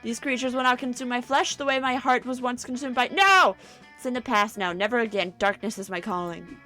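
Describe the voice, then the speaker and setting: A woman's voice: medium pitch, fairly quick, fairly bright tone, faint music behind, lightly acted. A woman playing a brooding melodramatic villain. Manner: melodramatic, grandiose declarations. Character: brooding male villain, dramatic and self-serious.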